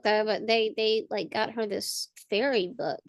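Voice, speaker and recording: A woman's voice: medium pitch, steady tone, a little slow, no room sound. A woman chatting casually on a video call, rambling with lots of fillers and restarts. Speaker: podcast co-host and parent. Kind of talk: casual chat.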